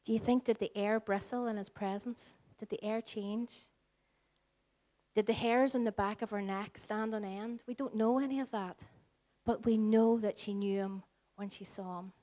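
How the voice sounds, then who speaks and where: A woman in her forties with a Northern Irish accent, preaching a sermon as pastor, earnest and shifting between slow emphatic lines and soft, hushed phrases. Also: medium pitch, steady tone. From Northern Ireland. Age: 40s. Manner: earnest, varies pace, drops to soft whispers for emphasis.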